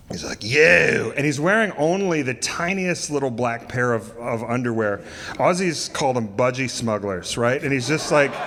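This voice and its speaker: A man's voice: medium pitch, fairly bright tone. A man from the United States telling a live story on stage, casual and self-mocking, laughing through lines and swearing freely. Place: cultural center stage, live audience. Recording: live hall with long reverb.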